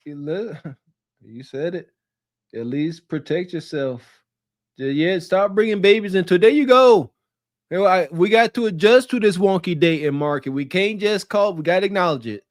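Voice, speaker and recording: A man's voice: high voice, normal speed, dry recording, studio quality. A man co-hosting a podcast, giving blunt, mocking dating commentary. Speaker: podcast co-host. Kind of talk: casual commentary.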